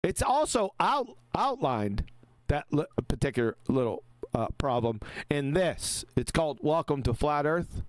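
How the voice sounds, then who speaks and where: A man's voice: fairly high pitch, big pitch swings, measured pace, no room sound. Brash mocking man hosting a livestream. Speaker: livestream host. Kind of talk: casual group livestream chat.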